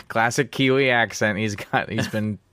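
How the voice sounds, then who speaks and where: A man's voice: lowish voice, unhurried, fairly bright tone, clean tone, dry recording. A man co-hosting a podcast who tells anecdotes and teases his friends wryly. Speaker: podcast co-host. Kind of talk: casual chat.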